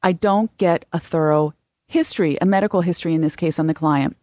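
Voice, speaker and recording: A woman's voice: on the low side, fairly quick, dark tone, dry recording, studio quality. A woman therapist co-hosting a podcast, explaining at length with frequent restarts and examples. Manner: explanatory, restarts often, tells client stories. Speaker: therapist and co-host. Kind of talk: casual podcast chat.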